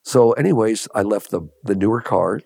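An older man from Los Angeles with a low, gravelly voice speaks as an interview guest. He tells his stories unhurriedly, leaning on repeated phrases and chuckling now and then, recorded close and dry. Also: normal speed, dark tone, no echo. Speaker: guest, entrepreneur. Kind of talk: interview storytelling.

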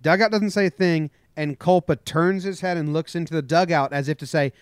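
Animated man telling a sports story. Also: fairly high pitch, fairly quick, clear, resonant tone, dry recording, studio quality. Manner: animated storytelling, acts out shouted quotes. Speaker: podcast co-host. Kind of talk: casual sports chat.

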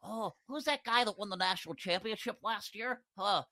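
A man's voice: high voice, normal speed, sharp tone, dry recording, studio quality, pitched above the performer's own voice. A man putting on the voice of a dim, rambling older team owner, mocking him. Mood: dopey. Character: dopey, slow-talking older male team owner.

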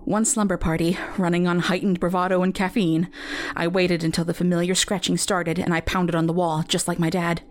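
A woman telling a first-person horror story in a measured, intimate storytelling manner. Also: on the low side, steady tone. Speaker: narrator. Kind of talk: scripted horror story narration.

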